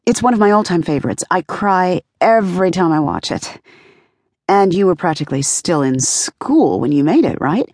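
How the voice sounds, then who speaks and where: A woman's voice: on the low side, animated, dry recording, studio quality. A woman voicing a young female movie executive who talks in an eager, gushing way. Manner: gushing, bright, hurried.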